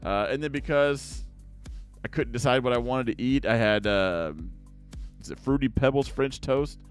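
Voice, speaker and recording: A young man chatting casually to viewers as he opens card packs, rambling along and now and then breaking into excited outbursts. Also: mid-range voice, moderate pace, clean tone, faint music behind. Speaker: card-opening YouTuber. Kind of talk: casual pack-opening chat to viewers.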